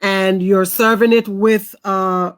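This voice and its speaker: A woman's voice: medium pitch, steady tone, slow. A woman co-hosting a live cooking stream, praising the chef and recapping for viewers who are just tuning in. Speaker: co-host of a cooking show.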